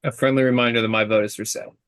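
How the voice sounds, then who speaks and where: A man co-hosting a casual podcast, cutting in with quick jokes and interjections. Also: medium pitch, fairly even intonation, fairly bright tone, no echo, studio quality. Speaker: podcast co-host. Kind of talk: casual chat.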